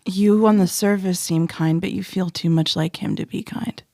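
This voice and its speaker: A woman voicing a frightened young woman on the run, speaking in a hushed, hesitant way. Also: fairly low pitch, fairly even intonation, normal speed, dry recording, studio quality, close to an everyday voice. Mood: uneasy.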